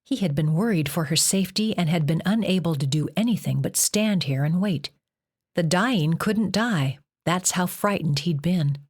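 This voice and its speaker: A woman narrating a novel as an audiobook in a measured reading. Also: fairly low pitch, expressive, a little mellow, slightly rough. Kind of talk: scripted narration.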